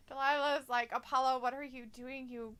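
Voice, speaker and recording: A high, bright woman's voice, chatty and giggly, reading viewer comments aloud on a casual live stream. Her tone is smooth and clear, and she teases her co-host between laughs. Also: level tone, normal speed. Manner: playful teasing of her co-host. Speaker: co-host of a live wrestling watch-along stream.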